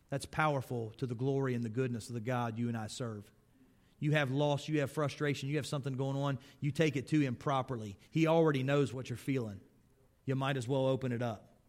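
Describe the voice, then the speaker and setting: A man preaching a sermon, reading scripture aloud with rising force and dropping quiet when he speaks to the listeners directly. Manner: reads scripture louder and higher, drops quiet for personal appeals.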